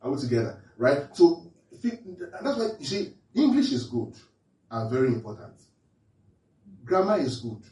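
A man's voice: medium pitch, sing-song, moderate pace, warm tone. A man preaching and teaching from the Bible, often quizzing his listeners with repeated questions. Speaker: pastor. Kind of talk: interactive Bible teaching sermon. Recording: echoey room, mic at a distance.

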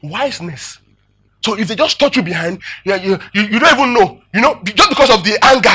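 A man preaching a sermon as a pastor, animated, laughing often and checking in with his listeners. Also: sits high, brisk, breathy edge.

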